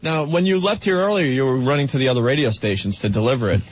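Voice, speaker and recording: A man's voice: mid-range voice, fast talker, breathy edge. Upbeat male radio host, lo-fi broadcast. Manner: upbeat, laughs often. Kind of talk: casual radio banter. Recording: dull lo-fi radio broadcast, faint hiss.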